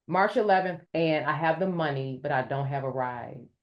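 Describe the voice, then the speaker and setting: Woman telling a story with lively quoted voices. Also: deep voice, normal speed, dull audio. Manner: animated, raising her voice to act out quoted speech; addresses listeners as "y'all". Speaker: podcast guest. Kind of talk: storytelling in an interview.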